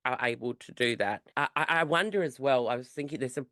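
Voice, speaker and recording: A man hosting a podcast interview, emotional and expressive, laughing often. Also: mid-range voice, quick pace, no room sound, studio quality. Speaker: podcast host. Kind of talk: conversational interview.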